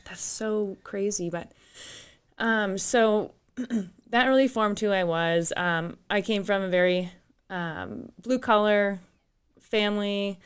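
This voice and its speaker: A woman in her thirties from northern Minnesota, with a Minnesotan accent, is a guest in a casual studio interview, telling her story openly and laughing as she goes. Her mid-range voice is slow and clean, recorded on a studio microphone.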